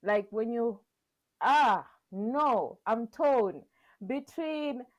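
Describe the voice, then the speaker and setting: A young woman co-hosting a podcast, chatting casually and telling her story with animated quotes and frequent laughs. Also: fairly high pitch, very slow. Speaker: podcast co-host.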